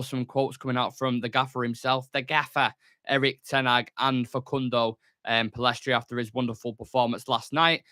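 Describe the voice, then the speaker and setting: A man's voice: mid-range voice, bright, forceful tone, dry recording, clean studio sound. A young man hosting a football fan news show alone, chatty and jokey, with lots of fillers. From England. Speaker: host of a football fan channel. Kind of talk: solo news show, casual chat. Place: small studio room.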